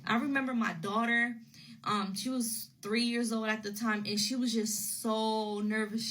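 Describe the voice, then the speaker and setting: A woman's voice: medium pitch, a bit bright, poor audio. A woman casually telling a personal story to her phone camera, rambling and repeating herself as she retells what people said.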